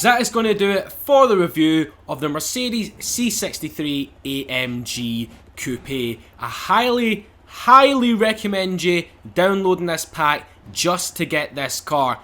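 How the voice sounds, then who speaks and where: A man giving excitable, laughing gameplay commentary as he drives in a racing game. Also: sits high, measured pace, few pauses, slight background noise. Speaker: gaming YouTuber.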